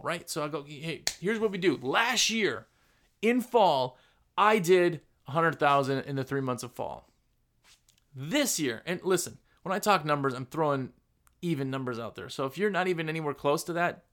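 Male podcast host with a slightly high voice, blunt and animated, pushing listeners to plan and hustle. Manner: blunt, animated, rhetorical questions. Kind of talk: motivational business talk.

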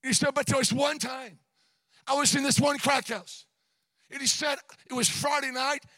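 A man preaching a sermon in a shouting, sing-song cadence, repeating words as he tells a story. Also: very high-pitched, steady tone, normal speed, no echo. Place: church.

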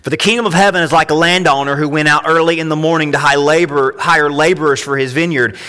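A man preaching a sermon as pastor, impassioned and climbing higher when he reads scripture. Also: steady tone, quick pace, sharp tone, clear, resonant tone. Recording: long hall reverb.

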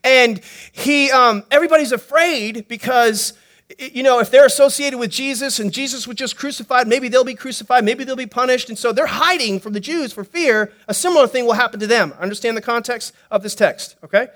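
A male pastor preaching a sermon in an animated, playful way, joking and asking the congregation questions. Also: extremely high pitch, brisk. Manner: animated, playful preaching with jokes and acted-out quotes.

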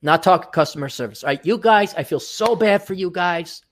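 A man's voice: high-pitched, a little fast. A man hosting a podcast, ranting in an exasperated, sarcastic and profane way. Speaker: podcast host. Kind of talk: ranting monologue.

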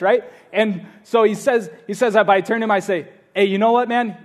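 A young adult man delivering a sermon in a relaxed, chatty way. His voice sits high for a man. He tells his story in an animated, playful way. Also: moderate pace. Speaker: pastor.

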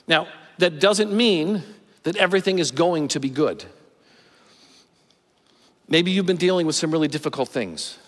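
Middle-aged man, pastor, preaching with deliberate pauses; slightly high voice in a reverberant hall. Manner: measured preaching with slow, emphatic pauses. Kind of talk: sermon.

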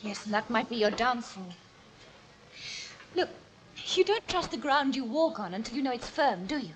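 An actress playing a wistful young woman far from her home planet in a 1960s TV drama, gentle and earnest, from a hissy old television recording. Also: fairly high pitch, expressive, moderate pace, lightly acted.

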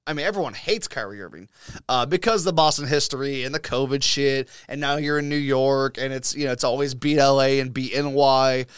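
A man hosting a casual sports podcast, talking in an excitable, opinionated way full of profanity. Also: medium pitch, fairly quick, clean tone, no room sound, studio quality. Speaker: podcast host.

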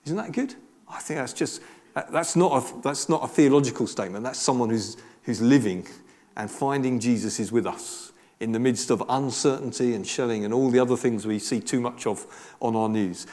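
A man's voice: medium pitch, brisk, a little mellow. A man giving a conversational, earnest sermon with frequent restarts. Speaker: preacher.

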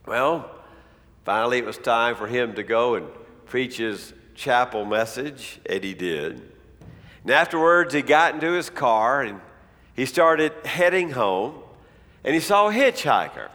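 A man's voice: expressive, unhurried, bright, forceful tone, long reverb tail. A man preaching a sermon, telling a story and acting out the quoted lines of its people. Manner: storytelling, acts out quoted speech with rising pitch.

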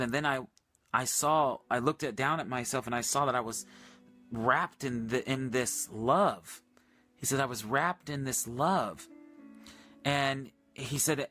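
A man ministering on a livestream tells the story of a prayer encounter earnestly and casually, quoting plenty of dialogue and building to excited high points.

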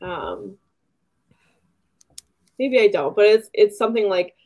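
A woman's voice: medium pitch, animated, slow pace, a little mellow. A woman co-hosting a book review podcast, chatting casually, laughing often and acting out quotes. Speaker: podcast co-host.

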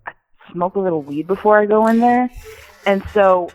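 A man's voice: high-pitched, moderate pace, a little mellow, muffled recording. A young man venting casually to friends, rambling and self-deprecating. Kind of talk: casual chat.

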